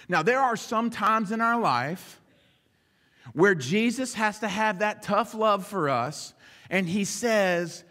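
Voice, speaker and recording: A man delivers a sermon in a lively preaching manner, slipping into little voices for the people in his examples. His voice sits high for a man. The sound carries a long hall reverb. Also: slow. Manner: animated preaching, acting out dialogue. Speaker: pastor.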